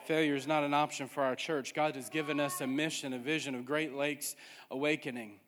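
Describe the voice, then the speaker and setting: Pastor guy preaching hard, fairly high voice, repeats his lines for punch, big echoey hall. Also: steady tone, a little fast, fairly bright tone. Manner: emphatic preaching with repeated refrains. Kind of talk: sermon. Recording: hall with long reverb.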